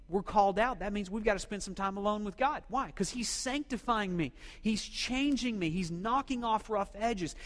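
High-voiced male pastor preaching in a hall. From Oklahoma. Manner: preaching with call-and-response to the congregation. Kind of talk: sermon.

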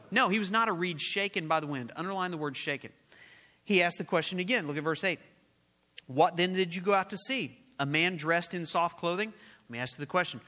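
A man preaching a sermon to a congregation, animated, often asking them questions and waiting for answers. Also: fairly high pitch. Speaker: pastor. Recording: long hall reverb.

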